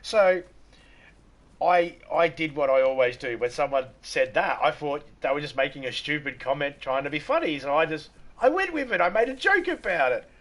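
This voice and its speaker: A man's voice: a little high, animated, normal speed, fairly bright tone. An Australian man from Western Australia chatting casually on a live stream, rambling, joking and laughing often.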